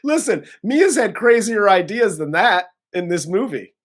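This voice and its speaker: A co-host walks through a film's plot in relaxed conversation. The voice sits at a middling pitch, and the telling is animated and giggly throughout. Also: measured pace. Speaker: movie review podcast co-host. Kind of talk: casual chat, recapping a film plot.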